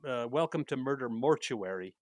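A man with a mid-range voice speaks at a moderate pace, with no echo. He's a mystery theater actor co-hosting a casual podcast chat, telling theater stories as a lively storyteller who laughs often.

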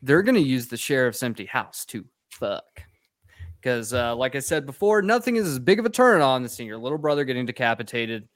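A man's voice: mid-range voice, big pitch swings, a little fast, no room sound, clean studio sound. A man co-hosting a podcast who recaps a film with sarcastic, profane storytelling. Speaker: podcast co-host.

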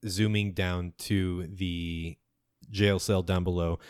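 A man narrates a tabletop game as its game master, setting the scene and calling the dice. His voice sits low, and the recording is dry and close. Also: level tone, takes it slowly, clean tone, no echo.

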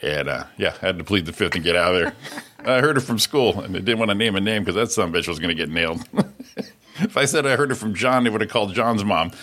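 A middle-aged man co-hosting a casual morning show, telling stories with lots of laughter and loud mimicry. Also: low voice, lively intonation, fast. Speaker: co-host.

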